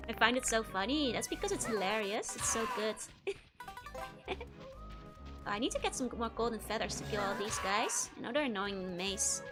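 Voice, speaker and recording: Giggly Dutch-accented woman, very high and lively. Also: normal speed, long pauses. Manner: giggly, chatty, answers chat. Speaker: streamer. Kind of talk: casual gameplay commentary. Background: game music.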